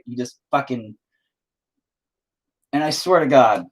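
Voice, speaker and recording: A man's voice: mid-range voice, very animated, takes it slowly, long pauses, husky. A man talking to himself while painting, casual, profane and self-mocking, rambling and frustrated as he thinks aloud. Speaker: painting vlogger.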